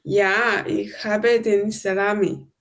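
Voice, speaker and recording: A woman answers and repeats words in a language lesson at a middle pitch. She speaks slowly and deliberately. Each word comes out careful and clear. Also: little pitch movement, a bit bright. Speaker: co-host and practice partner.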